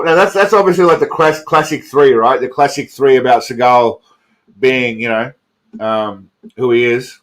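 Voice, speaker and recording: A man's voice: mid-range voice, moderate pace, a bit bright. A tipsy man hosting a casual live stream, rambling, profane and repeating himself.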